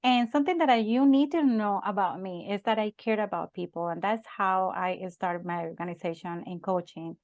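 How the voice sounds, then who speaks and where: A cheerful woman with a Colombian accent who grew up speaking Spanish talks earnestly as a coach. Her voice is middle-pitched. It comes through dry and a bit dull. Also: normal speed, few pauses, a little mellow, no room sound. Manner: cheerful, earnest, laughs often. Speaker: leadership coach, podcast guest. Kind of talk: interview conversation.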